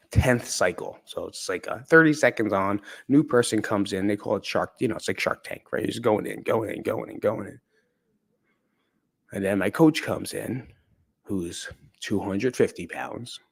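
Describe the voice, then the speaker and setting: A man's voice: fairly low pitch, creaky, husky. A man candidly telling a personal story in a conversational, profane way. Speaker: podcast speaker.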